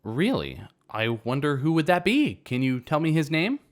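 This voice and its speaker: A man's voice: a little high, big pitch swings, normal speed, voice pushed up. A man voicing a stern, exasperated woman homeowner in a story reading. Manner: firm, exasperated.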